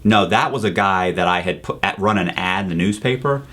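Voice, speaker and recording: A man being interviewed, telling his story in a casual, animated way, acting out what others said and swearing freely. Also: low voice, brisk. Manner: animated, profane storytelling, acts out quoted voices, says "bro". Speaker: interview guest, former con man.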